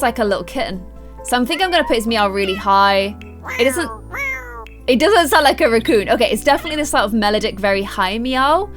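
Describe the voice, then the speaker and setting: Young woman, gaming commentator, high and very animated voice, doting and giggly. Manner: bubbly and doting, talks baby-talk about her cats. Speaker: gaming YouTuber. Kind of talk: casual gameplay commentary.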